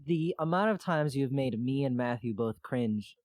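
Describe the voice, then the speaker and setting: A man's voice: medium pitch, expressive, moderate pace, darkish tone, no room sound. A young man co-hosting a podcast, chatting casually in a mock-exasperated way. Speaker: podcast co-host. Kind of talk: casual chat.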